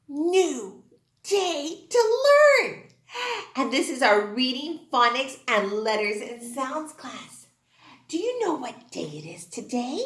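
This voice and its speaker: A woman teaching a kindergarten class in an exaggerated sing-song, call-and-response way. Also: sits high. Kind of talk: teaching young children. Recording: roomy echoing room.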